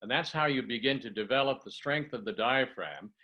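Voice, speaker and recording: A man's voice: medium pitch, a little fast, highs cut off. An older man on a video call who is coaching a workshop group, demonstrating tongue twisters in one breath and explaining each one like a story. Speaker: communication coach. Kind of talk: online workshop teaching.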